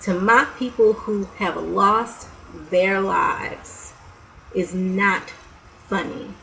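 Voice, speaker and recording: A woman's voice: medium pitch, extremely slow, creaky, bright, forceful tone, slight background noise, rough recording. A young woman vlogger talking to the camera in a heated, blunt, profane rant, breaking off with laughs and sighs.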